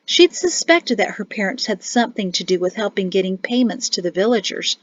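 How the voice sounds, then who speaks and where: A woman narrating an audiobook with an expressive, even storytelling read. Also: medium pitch, brisk, no room sound. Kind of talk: scripted narration. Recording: dull, dry recording.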